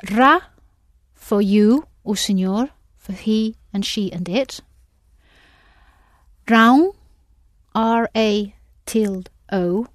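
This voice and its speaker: A woman's voice: medium pitch, no room sound, studio quality. A woman teaching a language lesson, patiently prompting her students with questions.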